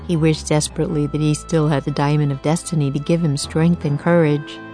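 A woman narrating a children's chapter book in a calm, measured storytelling manner. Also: sits low, faint music behind. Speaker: audiobook narrator. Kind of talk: scripted narration.

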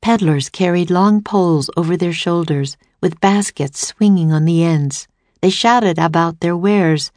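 A woman narrating a storybook aloud in a steady, clear way. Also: lowish voice, unhurried, dry recording.

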